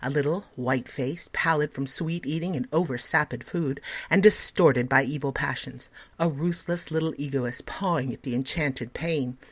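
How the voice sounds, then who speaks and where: A woman teacher reading a story aloud in an expressive, measured way. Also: deep voice, slightly rough.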